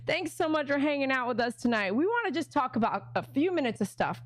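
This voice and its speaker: A woman's voice: sits high, sing-song, fast talker, few pauses, no room sound. A woman who works as a dog groomer, hosting a casual livestream chat in a rambling, chatty way with many asides. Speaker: dog groomer and channel host.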